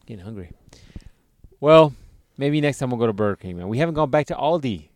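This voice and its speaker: A man's voice: medium pitch, lively intonation, a little fast, no room sound. A man co-hosting a casual podcast chat, wisecracking and swearing freely. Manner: wisecracking, profane, laughs often. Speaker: podcast co-host.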